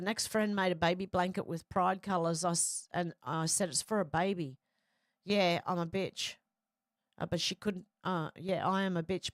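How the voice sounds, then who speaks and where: A woman's voice: lowish voice, dry recording, clean studio sound. A middle-aged woman hosting a casual live chat, reading viewer comments aloud and reacting with frequent laughs. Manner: chatty, laughs often, reads comments aloud.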